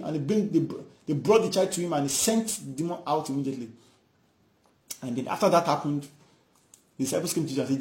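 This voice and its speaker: A man's voice: fairly high pitch, a little fast, a little mellow, reverberant. A man preaching a fervent sermon, repeating phrases and acting out the voices in scripture stories. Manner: fervent, repetitive, acts out dialogue.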